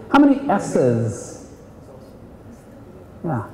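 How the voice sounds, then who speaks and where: A man coaching salespeople at a live seminar, animated and acting out client voices. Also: fairly high pitch, extremely slow. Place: seminar room. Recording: echoey hall, voice from a distance.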